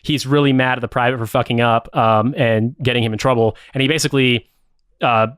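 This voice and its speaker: A man with a smooth, clear voice talks through a story in a loose, rambling way, swearing freely and leaning on filler words. His pitch sits in an ordinary middle range, and the sound is close and dry, with no room around it. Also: fairly even intonation, a little fast, a bit bright, no echo. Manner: rambling, profane, many fillers. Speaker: podcast co-host. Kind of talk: casual plot recap.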